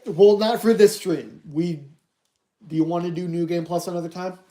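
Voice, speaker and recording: Streamer reading a spooky book out loud, mellow darker voice, steady pace. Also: mid-range voice, normal speed. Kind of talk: reading a story aloud on stream.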